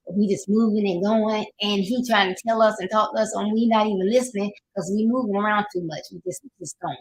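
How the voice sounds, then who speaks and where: A woman's voice: mid-range voice, fairly even intonation, fast talker, hardly any pauses, a little hiss or hum, rough recording. Folksy preachy older Southern woman. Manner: preachy, folksy, laughs while talking. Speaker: life coach host. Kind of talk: casual motivational talk.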